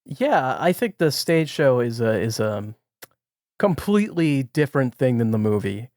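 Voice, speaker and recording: Male co-host, ribbing and animated; lively pitch, dry close mic. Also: unhurried, no room sound. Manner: teasing, animated banter. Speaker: podcast co-host. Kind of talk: casual chat.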